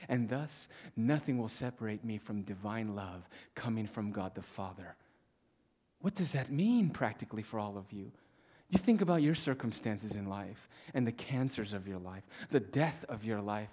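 A male pastor preaching a sermon to a congregation, reading scripture with slow stressed pauses and swinging between loud emphasis and hushed near-whispers. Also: medium pitch. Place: church in front of a congregation.

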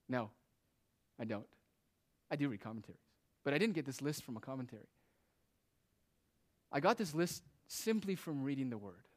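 A man's voice: medium pitch, expressive, moderate pace, long pauses. A man preaching a sermon with emphatic, rising and falling delivery. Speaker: pastor.

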